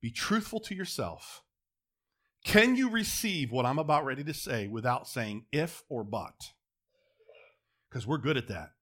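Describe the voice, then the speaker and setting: A middle-aged man preaching a sermon, moving between quiet, close asides and loud, emphatic calls to the congregation. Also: mid-range voice, expressive, unhurried, long pauses.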